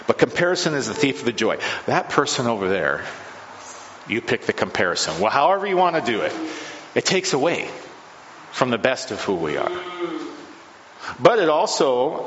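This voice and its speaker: A male pastor giving a sermon in a church, earnest and halting, repeating his key phrases as he works through his points. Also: mid-range voice, fairly bright tone, a little hiss or hum. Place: church sanctuary with congregation. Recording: dull lo-fi recording with long hall reverb.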